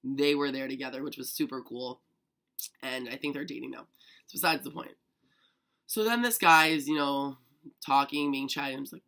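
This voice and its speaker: A young man chatting to camera, eager and excitable, packing his talk with "like". His voice has a gravelly fry under it and a bright, tense tone. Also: mid-range voice, moderate pace, pauses often. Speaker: vlogger. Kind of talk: casual storytelling to camera.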